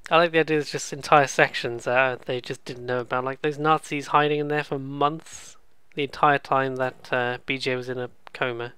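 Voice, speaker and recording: A man's voice: mid-range voice, fairly even intonation, normal speed, few pauses, bright, forceful tone, smooth, no room sound. A man hosting a let's play, giving casual, sarcastic, rambling gameplay commentary. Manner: sarcastic, swears freely, rambling.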